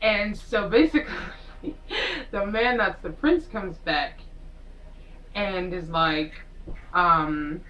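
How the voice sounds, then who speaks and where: A woman's voice: on the low side, slow, long pauses, sharp tone, recorded from a distance, slight background noise, rough recording. A woman casually recapping a film with sarcastic asides, rambling and acting out the characters as she goes. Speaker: vlogger reviewing a film. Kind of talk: casual chatty movie recap.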